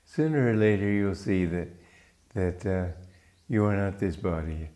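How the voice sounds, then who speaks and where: A man from Romania, a spiritual teacher giving a gentle, unhurried reflective talk with small restarts. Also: low voice.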